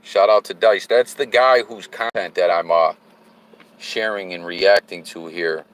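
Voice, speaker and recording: Hosting a livestream from behind the wheel, a man casually reads out viewer comments, using lots of slang and breaking into sudden hyped bursts. His voice sits low and a bit bright, and he's unhurried, in a low-quality recording.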